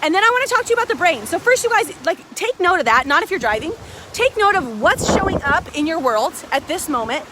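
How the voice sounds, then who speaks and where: A woman hosting a casual motivational live stream outdoors on a beach, filmed on a phone, chatty and excitable, a little out of breath. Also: extremely high pitch, fast. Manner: chatty, excitable, greets viewers by name. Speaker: live video host. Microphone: phone held by a friend. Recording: faint surf noise outdoors.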